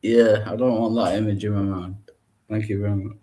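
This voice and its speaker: A man's voice: on the low side, level tone, fairly quick, warm tone. A man in a casual chat, joking and laughing.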